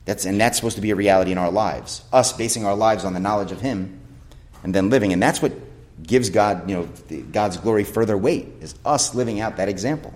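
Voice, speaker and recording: A male pastor with a fairly low, darkish voice delivers a sermon a little fast. He preaches emphatically, asking his listeners rhetorical questions and reading scripture aloud between points.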